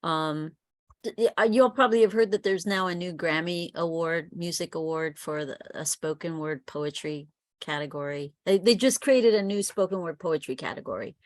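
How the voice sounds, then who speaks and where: A woman's voice: fairly low pitch, moderate pace, dry recording, studio quality. A woman poet chatting with enthusiasm, with many fillers and restarts. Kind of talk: casual chat.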